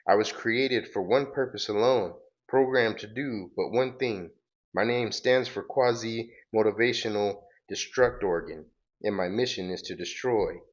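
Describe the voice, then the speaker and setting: A man's voice: on the low side, unhurried, muffled recording, close to an everyday voice. A man voicing a grandiose, menacing male robot villain while reading a comic book aloud.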